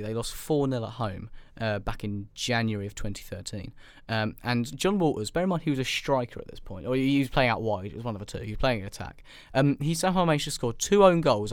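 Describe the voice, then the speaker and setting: A young man co-hosts a casual football podcast from a studio, rambling sarcastically and saying "um" a lot. His voice is medium-pitched, and the recording has no room sound.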